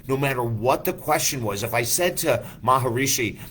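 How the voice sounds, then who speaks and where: A man's voice: medium pitch, lively intonation, normal speed, fairly bright tone, a little hiss or hum. A man who is a life coach, giving an enthusiastic motivational talk full of rhetorical questions.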